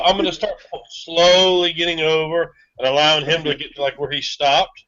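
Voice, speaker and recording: A man playing in a tabletop role-playing game, animated and joking. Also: fairly high pitch, normal speed, few pauses, muffled recording. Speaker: player. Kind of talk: casual tabletop game play.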